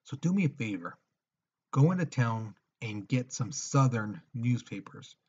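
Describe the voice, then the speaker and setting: Teacher doing a bragging, indignant assassin, husky voice, muffled recording. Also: male voice, mid-range voice, lively intonation, unhurried. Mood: boastful. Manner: boastful, indignant. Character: boastful male assassin craving praise.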